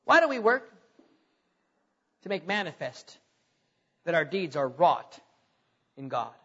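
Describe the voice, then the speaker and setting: A man preaching a sermon in a church, animated and jokey, acting out mocking voices. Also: on the high side, slow pace, slightly rough. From Texas. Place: church sanctuary. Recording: dull sound with long hall reverb.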